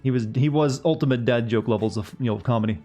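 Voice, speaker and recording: Faint music plays behind a man streaming a video game, who talks quickly in a dark-toned, mid-range voice. His casual gameplay commentary rambles, full of jokes aimed at his chat.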